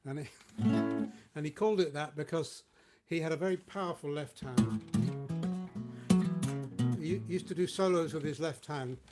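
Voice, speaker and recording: Anecdotal man telling stories, higher voice. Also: normal speed, long pauses, loud music behind the voice. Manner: rambling anecdotal storyteller, chuckling. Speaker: guitarist and singer. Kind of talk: casual spoken introduction. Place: home, online session.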